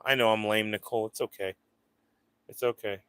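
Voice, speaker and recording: A man's voice: fairly low pitch, fairly even intonation, a little fast, bright, forceful tone, smooth, no echo. A man hosting a casual livestream, rambling to his viewers and cooing at his pets. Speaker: livestream host.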